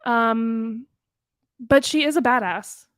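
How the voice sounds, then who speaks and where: A woman co-hosting a casual review podcast, talking in quick, animated bursts and peppering her sentences with "like". Her voice sits a little high, and the sound is dry and close, with no room echo. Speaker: podcast co-host.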